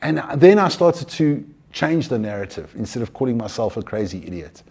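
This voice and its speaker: A man's voice: mid-range voice, moderate pace, breathy edge. Earnest man talking animatedly. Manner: earnest, animated, with many restarts. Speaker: mindfulness speaker. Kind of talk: conversational talk.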